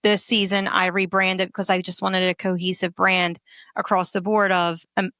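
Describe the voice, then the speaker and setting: A woman with a Philadelphia accent chatting candidly as a comedian guest, telling stories with lively, salty humor. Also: lowish voice, moderate pace, no room sound, clean studio sound. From Port Richmond, Philadelphia. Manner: candid, profane, lively storyteller. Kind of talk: casual interview chat.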